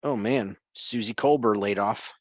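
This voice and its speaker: A man's voice: lowish voice, measured pace, no echo, highs cut off. A man co-hosting a sports podcast in casual chat, chuckling often and rambling through restarts.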